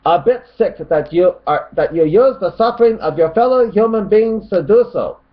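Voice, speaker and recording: Dude doing a snooty commenter voice, sneering and lecturing, pitched up, dull lo-fi sound. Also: male voice, expressive, normal speed. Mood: scornful. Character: scornful condescending male online commenter.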